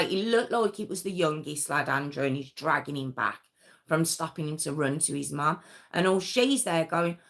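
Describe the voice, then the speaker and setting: A woman's voice: low-pitched, vocal fry, a bit bright. A woman hosting a live true crime stream, telling the story conversationally with many fillers and restarts.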